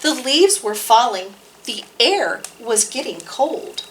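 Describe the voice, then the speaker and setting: A woman hosting a library storytime, reading rhymes and picture books aloud to toddlers in a sing-song, expressive way. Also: fairly high pitch, slow pace, a little hiss or hum. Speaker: children's library storytime host.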